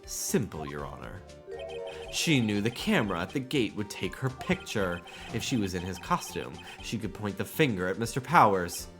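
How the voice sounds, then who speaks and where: An earnest young defense lawyer lays out his reasoning and pleads his case, read by a man. The voice is fairly low, close to a plain speaking voice. It is a video game character voiced on a stream. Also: very animated, normal speed, music in the background.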